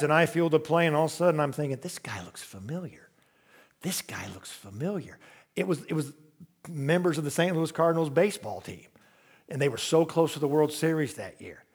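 A man preaching a sermon in a conversational, humorous storytelling way, full of asides and questions to the congregation. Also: a little high.

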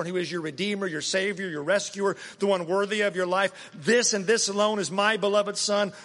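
A pastor with a high voice preaches with emphatic force. He climbs to stressed peaks on key phrases and sinks to low, quiet asides. His voice rings out through a hall with a long reverb. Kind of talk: sermon.

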